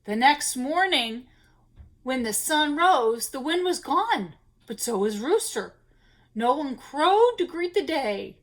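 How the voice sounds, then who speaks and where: A woman reading a children's picture book aloud at story time, expressive, with gasps and little asides to the children. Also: sits high, slow.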